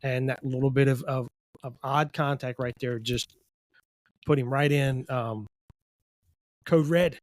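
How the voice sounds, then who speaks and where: A man's voice: medium pitch, fairly even intonation, a little slow, pauses often, a little mellow, no echo. A male podcast host telling a rambling story in casual conversation, with false starts.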